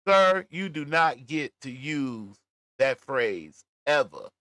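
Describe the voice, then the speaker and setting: A middle-aged man hosts a casual stream and reads the chat aloud, laughing and stretching words out for emphasis. His voice sits a little high and swings widely in pitch. The sound is dry and close. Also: no room sound. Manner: animated, laughing, drawn-out emphasis. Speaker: livestream commentary host. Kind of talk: casual commentary reading live chat. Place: at home, smoking a cigar.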